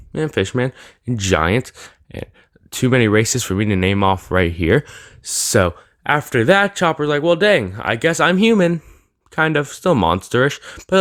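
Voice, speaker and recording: A man's voice: mid-range voice, no echo, clean studio sound. A young man delivering a rambling, sarcastic opinion rant for his anime channel. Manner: rambling, sarcastic, with filler words and restarts. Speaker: anime YouTuber.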